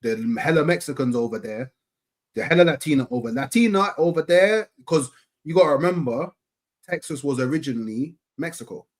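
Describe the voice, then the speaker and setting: A man's voice: fairly high pitch, animated, fairly quick. A man in casual chat, rambling and full of fillers and slang.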